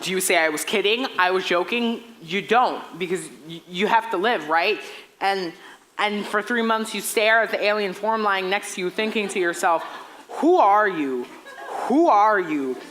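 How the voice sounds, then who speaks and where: A woman's voice: medium pitch, animated, moderate pace, a bit bright, close to an everyday voice, rough recording. A young woman playing a lonely male musical fan who talks wistfully to the audience in a stage play. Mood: rambling. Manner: chatty, wistful asides to audience. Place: theater stage.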